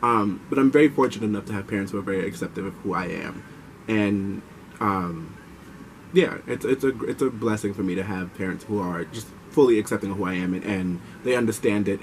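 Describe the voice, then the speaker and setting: A young man vlogging, telling a personal story in a chatty, animated way and giving advice straight to viewers. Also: on the low side, a little fast, slight background noise, rough recording.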